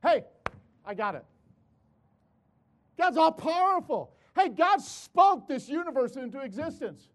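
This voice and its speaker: Animated high-voiced older preacher. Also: male voice, a little slow, pauses often. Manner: animated storytelling, repeats words, calls to the audience. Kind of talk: sermon.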